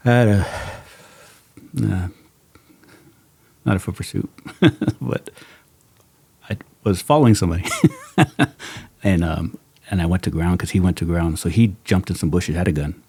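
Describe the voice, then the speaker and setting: Middle-aged male host, low husky voice, dry close sound, animated storyteller. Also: a little slow, pauses often, dry recording. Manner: animated storyteller, acts out quotes, laughs often. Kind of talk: casual storytelling chat.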